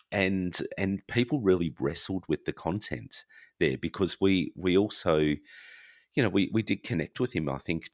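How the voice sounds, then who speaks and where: A man's voice: low-pitched, no room sound, studio quality. A man from Australia, a podcast guest talking casually and acting out other people's reactions with energy. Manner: animated, acts out quoted reactions. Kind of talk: casual conversation.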